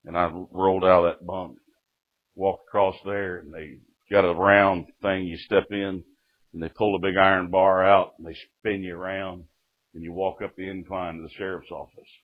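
A man's voice: sits low, little pitch movement, normal speed. A middle-aged man, preaching and telling his testimony with fervor, often breaking in with "Amen". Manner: fervent storytelling, punctuated with "Amen". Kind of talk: sermon testimony. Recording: tinny lo-fi phone-like sound.

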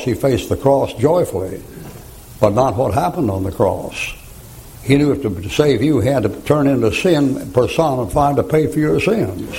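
Older male preacher, gravelly and mellow, folksy storyteller who chuckles and rises to fervent rhymes. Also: mid-range voice, a little hiss or hum, rough recording. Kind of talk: folksy sermon with anecdotes.

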